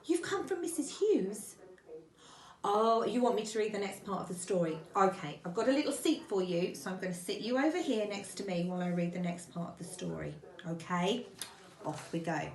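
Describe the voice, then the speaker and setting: A woman's voice: mid-range voice, animated, normal speed, darkish tone. A woman teacher at home reading a storybook aloud to young children, chatting to a toy bear between parts. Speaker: primary school teacher. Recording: echoey room.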